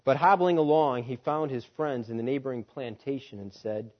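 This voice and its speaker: A man's voice: mid-range voice, normal speed, hardly any pauses. A man preaching, reading a story aloud with dramatic delivery and rhetorical questions, on a dull lo-fi recording.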